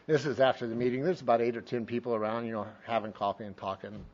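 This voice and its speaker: A man's voice: mid-range voice, fairly even intonation, fast talker, a little mellow. A man from Montana giving a speaker share at a recovery meeting, telling his story in a folksy way and acting out what others said. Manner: folksy storytelling, acts out quotes. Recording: dull lo-fi meeting tape.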